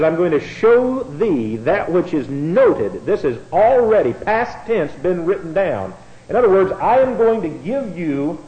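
Male Bible teacher, evening sermon; reads a verse, then unpacks it; warm, soft tone, muffled lo-fi sound. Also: fairly high pitch. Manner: reads scripture aloud then explains it, repeating key words.

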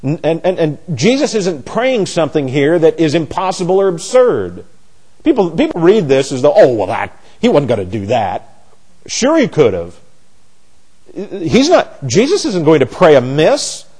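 Lively-voiced man preaching a sermon. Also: a little high, normal speed, breathy edge. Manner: animated, repetitive restarts, sarcastic asides.

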